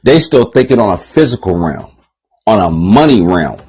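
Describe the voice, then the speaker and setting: Low husky guy ranting on his channel, cussing a lot, keeps repeating stuff. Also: big pitch swings, moderate pace, a little mellow, poor audio. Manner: profane, repetitive, heated. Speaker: channel host. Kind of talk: rambling vlog monologue.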